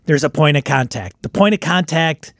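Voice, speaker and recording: A man's voice: fairly high pitch, lively intonation, moderate pace, a bit bright, no echo, clean studio sound. A man who runs tabletop games, talking in a rambling casual way and often breaking off mid-thought. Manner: rambling, self-interrupting. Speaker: game master guest. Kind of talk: casual chat.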